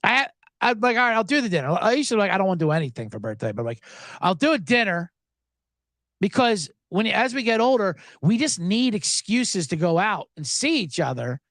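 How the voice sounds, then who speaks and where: A man's voice: brisk, dry recording, clean studio sound. A man hosting a live sports podcast, ranting casually and sarcastically, often acting out other people in a raised voice. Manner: animated, sarcastic, mimics others in high voices. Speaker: podcast host. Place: Los Angeles.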